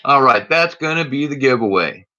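Bright-voiced man hosting a live stream. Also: medium pitch, expressive, moderate pace, muffled recording. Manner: chatty, greets viewers by name. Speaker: livestream host searching coin rolls. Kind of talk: casual live-stream chat. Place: indoors at home.

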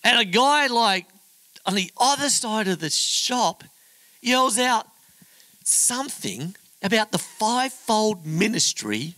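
Animated, bright-voiced pastor. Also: male voice, high-pitched, slow, no room sound, low-quality recording. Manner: chatty, humorous, animated storyteller acting out voices. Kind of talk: sermon with storytelling.

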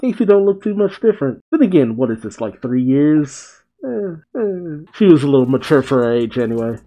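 A man's voice: medium pitch, animated, dark tone, dull audio. A man hosting a reaction video, giving casual running commentary on a cartoon episode with frequent exclamations, gasps and chuckles. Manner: exclamatory, quick gasps and chuckles between remarks.

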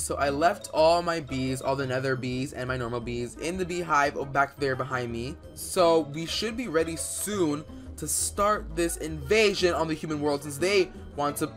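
A young man doing dramatic Minecraft role-play commentary, excitable and rambling with fillers, bursting into loud outbursts. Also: on the high side. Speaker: YouTuber playing a bee in Minecraft. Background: faint background music.

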